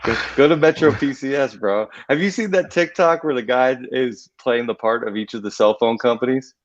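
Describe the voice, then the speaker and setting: A man at a mid pitch chats loosely on a podcast, trading jokes and half-told stories. The sound is muffled and lo-fi. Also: normal speed, a little hiss or hum. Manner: joking, loose storytelling. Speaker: podcast co-host. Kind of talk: casual chat.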